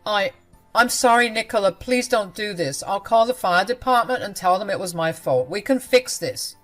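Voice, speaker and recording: A woman voicing an angry, shouting cheating husband in a dramatic spoken story, with indignant, strained outbursts. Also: mid-range voice, lively intonation, normal speed, faint music behind, lightly acted. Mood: pleading. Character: cheating husband, man, angry then pleading.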